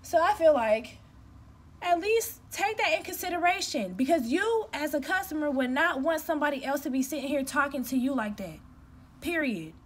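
A young woman in customer care vents casually to the camera from home. Her voice is high with lively intonation at a moderate pace, and she speaks in a direct, emphatic way.

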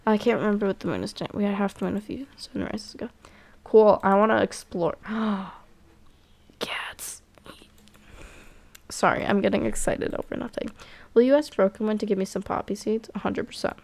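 A woman's voice: medium pitch, fast talker, creaky, hardly any pauses, a little mellow. A woman playing a cat-clan game and commentating casually, reading the characters' lines aloud and talking back to them sarcastically, swearing now and then. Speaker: gameplay commentator.

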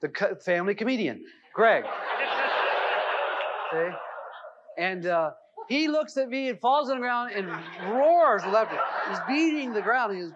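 A middle-aged man with a high voice tells a funny anecdote as a seminar speaker, animated and full of fillers. The sound is dull and lo-fi, like an old 1990s videotape. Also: moderate pace, very noisy. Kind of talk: humorous storytelling talk.

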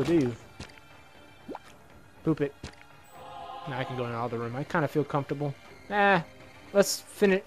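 A man casually commenting on his own gameplay, excitable and swearing a lot, with a slightly hoarse voice. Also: a little high. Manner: excitable, swears a lot, sudden loud outbursts. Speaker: let's play gamer.

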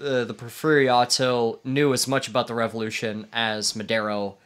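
A man's voice: mid-range voice, level tone, moderate pace, fairly bright tone, smooth. A man co-hosting a casual podcast, telling history in a rambling way with fillers and frequent laughs. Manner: rambling, laughs often, many fillers and restarts. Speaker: podcast co-host leading the history topic. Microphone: studio microphone.

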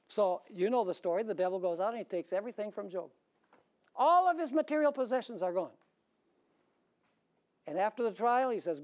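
Male pastor preaching, emphatic, rhetorical questions, big swings in loudness. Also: sits high, sing-song, brisk, pauses often. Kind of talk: sermon.

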